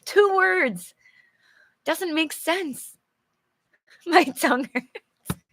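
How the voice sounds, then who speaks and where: Slow, giggly teacher woman. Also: very high voice, no echo. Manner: giggly, animated, chatty with viewers. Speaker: English teacher. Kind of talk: live storybook reading with chat.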